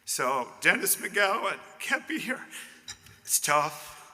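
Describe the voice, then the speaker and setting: A man's voice: high-pitched, sing-song, takes it slowly, bright, forceful tone. A man in his fifties from Southern California, giving a chatty acceptance speech at a dinner and calling out to people in the audience. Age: 50s. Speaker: Hall of Fame inductee. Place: banquet hall dinner. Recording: long reverb of a banquet hall.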